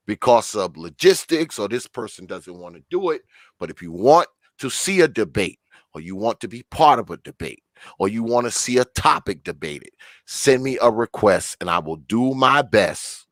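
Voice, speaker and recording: A man's voice: mid-range voice, a bit bright, no room sound. An older man, hosting a debate livestream in a profane, combative, emphatic rant. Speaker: debate show host.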